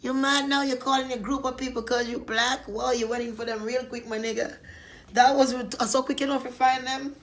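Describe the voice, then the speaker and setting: A woman's voice: fairly high pitch, fairly even intonation, fairly quick. A woman chatting casually on a live stream while eating, playful and talkative, greeting viewers by name.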